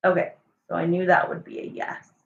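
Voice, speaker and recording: A woman's voice: on the low side, monotone, fairly quick, vocal fry. A woman giving a live tarot reading, thinking aloud as she pulls cards and repeating her questions to the cards. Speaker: tarot reader. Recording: roomy, dull lo-fi sound.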